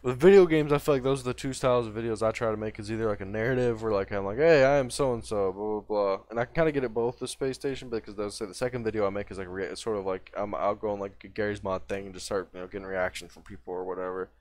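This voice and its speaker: A man's voice: lowish voice, fairly even intonation, rapid-fire, few pauses, a little mellow. A young man in his twenties chatting casually on a livestream, rambling and profane, with lots of restarts. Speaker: streamer.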